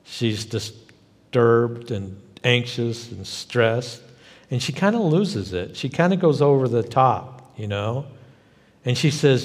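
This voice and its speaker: A man's voice: mid-range voice, very animated, takes it slowly, in a large hall. Conversational man preaching a sermon. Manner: conversational, emphatic bursts, frequent "you know". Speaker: pastor.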